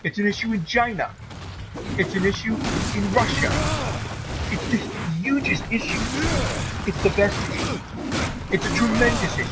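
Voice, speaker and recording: A man's voice: high-pitched, moderate pace, pauses often, natural voice, low-quality recording. A man doing an impression of a boastful older male politician who repeats bragging superlatives, with video game music behind him. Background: loud video game music.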